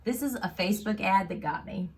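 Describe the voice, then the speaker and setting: A woman co-hosting a casual book podcast, chatty and animated, laughing often. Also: mid-range voice, brisk. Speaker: podcast co-host.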